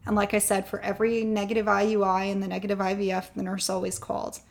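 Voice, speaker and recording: A woman's voice: mid-range voice, monotone, quick pace, creaky. A woman in an interview, candidly telling a long personal story and getting choked up at times. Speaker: guest sharing her fertility story.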